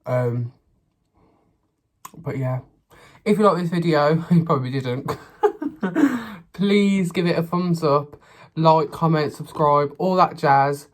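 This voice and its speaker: A man's voice: fairly high pitch, takes it slowly, pauses often. Chatty man eating on camera. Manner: chatty, sassy, talks with his mouth full. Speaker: mukbang vlogger. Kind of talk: casual chat while eating.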